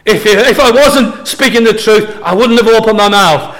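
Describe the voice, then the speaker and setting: A man's voice: high voice, moderate pace, few pauses, a bit bright, low-quality recording. A man preaching a sermon, earnest and emphatic, repeating key phrases for weight.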